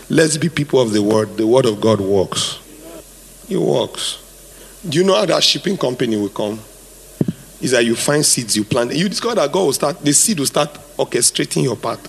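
A man's husky, mid-range voice with vocal fry carries this sermon, recorded live in a hall. He preaches emphatically, repeating phrases and coaxing the congregation to complete his lines.

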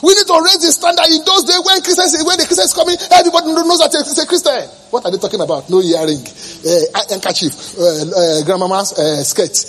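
A male pastor preaching a passionate sermon, swinging between quiet remarks and sudden shouts. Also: sits high, brisk, few pauses, slightly rough, rough recording.

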